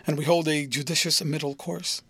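A man voicing a prudent, evasive older cathedral dean in an audiobook, speaking smoothly and hedging every point. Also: on the high side, fairly even intonation, a little fast, a bit bright, no echo. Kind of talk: audiobook character voice.

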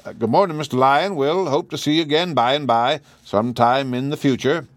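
Guy voicing a husky plain old country husband, folksy and nervous, dry close mic. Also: mid-range voice, fairly quick, no room sound, pitched above the performer's own voice, natural voice. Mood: relieved.

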